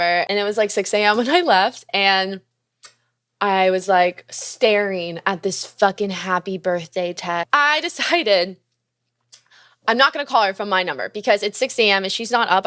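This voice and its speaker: A young woman hosting a podcast, telling a candid, profane story about a relationship at a fast clip, laughing often. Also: medium pitch, fairly bright tone, clean tone. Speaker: podcast host.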